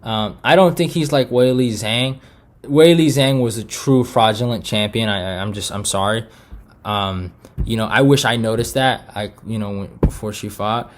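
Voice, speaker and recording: Young man, from Eritrea, casual fight recap host, frustrated, animated, profane, filler-heavy. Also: lowish voice, normal speed. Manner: frustrated, animated, swears a lot, many fillers and restarts. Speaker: MMA prediction channel host.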